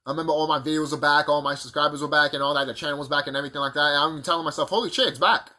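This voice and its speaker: A man delivering a profane, combative monologue full of rhetorical questions, with a husky voice. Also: on the high side, steady tone, racing, bright, forceful tone. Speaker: vlogger. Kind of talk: ranting monologue to camera.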